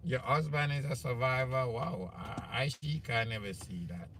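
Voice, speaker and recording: A Jamaican man hosts a live talk show with a bright, forceful voice. He is chatty and encouraging, with faint room noise behind him. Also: medium pitch, moderate pace. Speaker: host.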